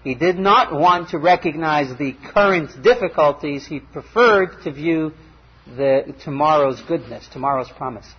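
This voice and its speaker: A man teaching a Torah class, telling stories with animated, acted-out quotes. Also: on the high side, unhurried, lo-fi sound. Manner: animated storytelling, acts out quoted voices. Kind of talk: storytelling Torah lecture.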